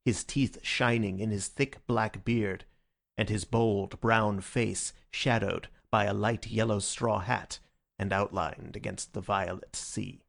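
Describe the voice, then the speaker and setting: A man reading a classic novel aloud as audiobook narrator, with measured storytelling. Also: fairly low pitch, vocal fry. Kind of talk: scripted narration.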